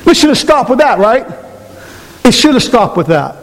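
A man preaching a lively, joking sermon as pastor, firing rhetorical questions at the congregation. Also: very high voice, normal speed. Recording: long reverb of a large hall.

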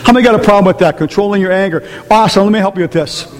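High-voiced pastor preaching in a reverberant hall. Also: male voice, racing. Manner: animated, joking, asks the congregation rhetorical questions. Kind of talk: sermon. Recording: long reverb of a large hall.

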